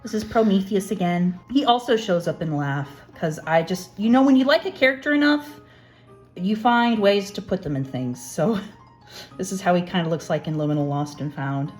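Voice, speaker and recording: A young woman with a fairly low voice talks through her sketchbook in a rambling, self-deprecating way. She chats casually as she flips pages, and faint music plays underneath. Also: normal speed. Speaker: artist, channel host. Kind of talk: casual sketchbook tour narration.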